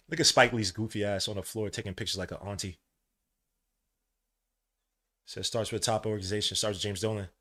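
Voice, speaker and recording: A man hosting a live sports watch-along podcast, talking in casual slang and swinging from low mutters to loud cheering. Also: steady tone, brisk, pauses often. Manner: casual slang, calls listeners bro and son. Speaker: podcast host.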